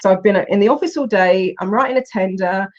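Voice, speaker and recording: A woman, a coach telling stories in an animated way, with exclamations and restarts. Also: mid-range voice, fairly quick, muffled recording. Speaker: coach and Huna teacher. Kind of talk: storytelling in a recorded online session.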